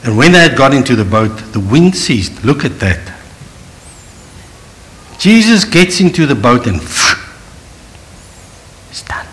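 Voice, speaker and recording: Lively South African man preaching. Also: mid-range voice, a little slow, pauses often, poor audio. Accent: South African English. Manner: animated, acts out Bible scenes in different voices. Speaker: pastor. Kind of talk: sermon.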